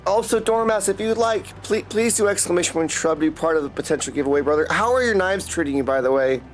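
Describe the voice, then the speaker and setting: Chatty streamer man with a high voice. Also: fast talker. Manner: upbeat, greets viewers by name. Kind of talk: casual livestream chat. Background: game music.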